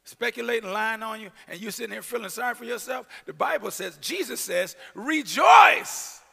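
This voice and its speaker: A male pastor preaching a sermon, shouting out scripture and breaking into casual asides to his congregation. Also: sits high, brisk, creaky, husky. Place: church sanctuary. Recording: long reverb of a church hall.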